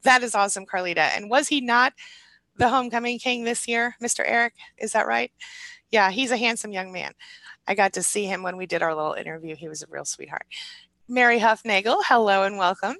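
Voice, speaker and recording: A woman hosting a live support stream, chatting quickly and reading out viewer comments with many restarts and fillers. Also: medium pitch, no echo, poor audio. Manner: quick, warm-hearted talk with restarts and fillers. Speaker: live-stream host and recovery coach.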